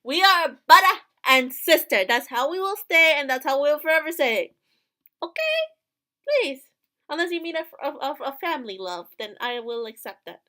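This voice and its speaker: A woman's voice: high-pitched, very animated, moderate pace. A woman voicing a distraught pleading heroine. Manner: pleading, emotional, louder bursts. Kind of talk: reading visual novel dialogue aloud.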